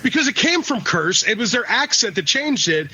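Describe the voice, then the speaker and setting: A man's voice: sits high, big pitch swings, normal speed, sharp tone, slightly rough. A man from the northern US co-hosting a podcast, ranting in casual, profane chat. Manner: ranting, heavy swearing. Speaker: podcast co-host. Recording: dull lo-fi podcast audio.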